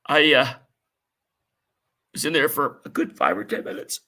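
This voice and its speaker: A man hosting a podcast, telling a painful personal story in an earnest, emotional, halting way with many fillers. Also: fairly high pitch, expressive, sharp tone. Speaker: podcast host.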